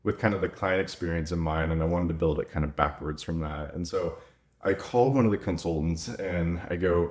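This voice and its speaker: A man in his thirties with a deep, low voice talks casually about his work as a vet. He tells stories loosely and acts out quoted conversations along the way. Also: brisk, darkish tone. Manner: chatty, quotes himself and others, lots of "like". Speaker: veterinarian and clinic owner. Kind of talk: casual podcast storytelling.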